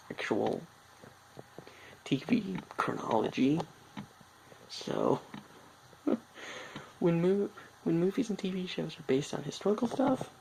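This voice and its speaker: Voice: mid-range voice, creaky, background noise. A film reviewer talking casually, rambling off on tangents with many filler words.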